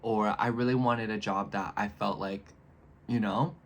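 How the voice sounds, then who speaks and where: A man in his twenties chatting casually in a vlog, rambling and animated as he speaks straight to his viewers. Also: fairly low pitch, a little slow. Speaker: astrology YouTuber.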